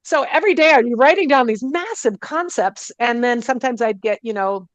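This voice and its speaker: A woman, a guest energy healer, telling her story in a casual interview, animated and often acting out what people said to her. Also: on the high side, fairly quick, dry recording. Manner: animated, acts out quoted dialogue, many "like" and "I go" fillers. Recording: dull, dry, muffled recording.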